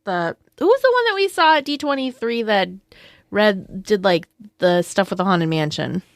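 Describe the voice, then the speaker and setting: Podcast lady chatting, kinda hesitant, mid-pitch voice, dry recording. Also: big pitch swings, normal speed, no echo. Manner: hesitant, trails off and restarts. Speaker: podcast co-host. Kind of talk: casual chat and reading news items.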